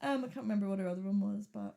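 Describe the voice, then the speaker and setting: A woman, co-hosting a casual podcast and telling stories in an animated way. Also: medium pitch, racing, vocal fry. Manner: animated storyteller, acts out voices, laughs often. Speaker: podcast co-host. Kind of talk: casual chat.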